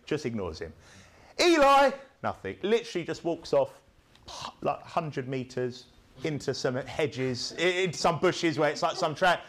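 A man preaching a sermon in a fairly high voice that swings widely up and down. His delivery is punchy and rhetorical, and he keeps tossing tag questions at the congregation to check they follow. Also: animated, moderate pace, a bit bright.

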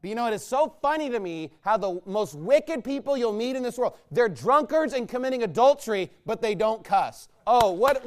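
A man preaching a combative, mocking sermon, swinging between low muttering asides and loud outbursts. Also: background noise. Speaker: pastor. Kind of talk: fiery sermon rant.

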